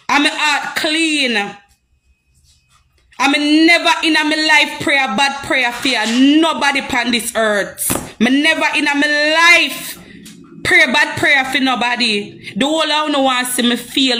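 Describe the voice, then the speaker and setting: A woman's voice: high-pitched, bright, forceful tone. A young Jamaican woman ranting heatedly on a live stream, confrontational and repeating herself. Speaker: social media personality.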